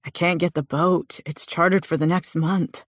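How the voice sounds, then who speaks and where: A woman voicing a tense, protective young man who talks low, steady and urgent in an audiobook. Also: normal speed, no echo, studio quality. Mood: gentle.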